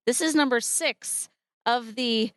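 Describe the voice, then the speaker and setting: A woman's voice: a little high, takes it slowly, no echo, clean studio sound. A woman co-hosting a podcast, chatting casually in an underground parking garage and animatedly retelling a film's plot. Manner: animated retelling, acts out characters' lines. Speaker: podcast co-host. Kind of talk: casual movie review chat.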